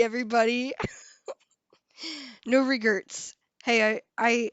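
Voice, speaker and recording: A woman's voice: a little high, measured pace, dry recording, muffled recording. A woman hosting a live stream, chatting casually and giggling as she reads viewers' comments.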